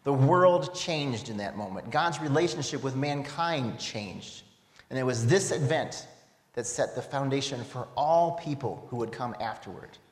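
A man's voice: mid-range voice, expressive, a little slow. A man preaching a sermon, reading scripture aloud and asking reflective, rhetorical questions. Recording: echoey hall with long reverb.

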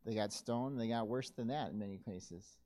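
A male pastor delivering a sermon in an earnest, measured way, sometimes correcting himself mid-sentence. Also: on the low side, warm tone. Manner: earnest, measured preaching with occasional self-corrections.

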